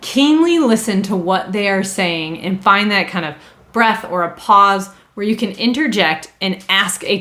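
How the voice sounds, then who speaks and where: A woman's voice: medium pitch, a bit bright. A woman training customer service staff, upbeat and emphatic, acting out sample phone greetings. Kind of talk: instructional talk to camera.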